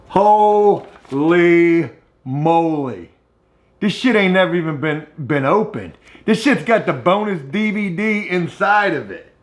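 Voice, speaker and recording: A middle-aged man, vlogging casually and swinging between hushed asides and excited outbursts. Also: high-pitched, slow. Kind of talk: casual vlog talk.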